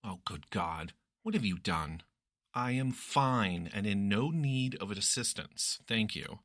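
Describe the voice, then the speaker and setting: A man's voice: fairly low pitch, lively intonation, slow pace, a bit bright, dry recording, studio quality. A man voicing a flustered young man who reacts with exasperation and disbelief. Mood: exasperated. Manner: exasperated, incredulous.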